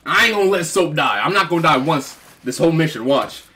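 A man streaming a video game, reacting loudly with swearing and laughter. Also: a little high, expressive, fast, distant mic. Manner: loud, profane, laughing reactions. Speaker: gaming streamer. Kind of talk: let's play commentary.

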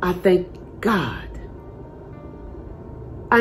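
A woman preaching a motivational sermon with passion, dropping to a hush and then rising to loud calls of amen. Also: sits low, sing-song, slow, long pauses, faint music behind. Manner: impassioned, swinging from hushed to loud, calls out amen.

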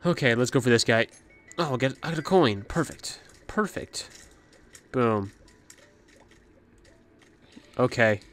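A young gaming channel host chats through a let's play at a quick pace, calling out to the enemies on screen. Slightly out of breath, he speaks at an ordinary middle pitch over soft background music.

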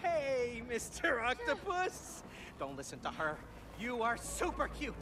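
A high, bouncy game hero. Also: male voice, wildly swooping pitch, unhurried, background noise, full character voice. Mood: cooing.

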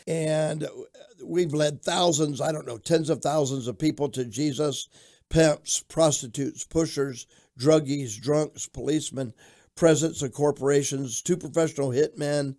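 An older pastor from Florida, telling his life story in an interview with an animated storytelling manner. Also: a little high, measured pace. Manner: animated storyteller who shouts out quoted lines.

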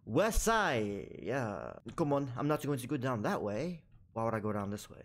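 A young man talks through a horror game with crude, joking commentary, scolding the characters as if they could hear him. His pitch swings widely, and frights push him into sudden high yelps. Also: big pitch swings, moderate pace. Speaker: gaming YouTuber.

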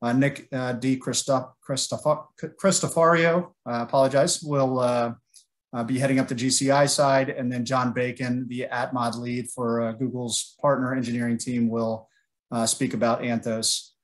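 Male sales presenter, mid-pitched, halting with lots of fillers, webinar delivery. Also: level tone. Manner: halting, many filler words.

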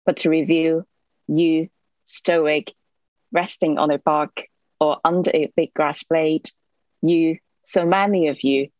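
Woman w/ local doing a poetry reading, low voice, dry close sound, lots of ums in between. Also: dry recording, lo-fi sound. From Hong Kong. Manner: measured recital, hesitant "um" fillers when chatting. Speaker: poet. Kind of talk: poetry reading with short spoken introductions.

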